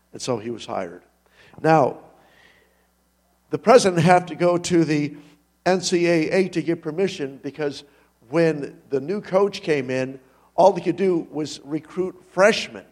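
A male pastor delivers a sermon in a church, his voice sitting a little on the high side. He tells the story with animated energy, dropping low and then surging into sudden loud rises.

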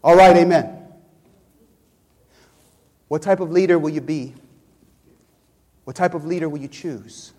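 A man's voice: a little high, moderate pace, pauses often, dark tone, husky. A man from Chicago preaching a sermon as pastor, building emphasis and calling out to the congregation. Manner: preaching with rising emphasis and audience call-outs. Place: church sanctuary. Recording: long reverb in a church hall.

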